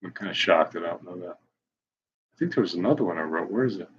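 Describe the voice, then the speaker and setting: A man's voice: low voice, expressive, fast talker, slightly rough. A man in his forties blogging live, chatting and reading his own posts aloud in a wry, self-mocking, off-the-cuff way. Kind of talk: rambling casual live-stream chat. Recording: dull lo-fi stream audio.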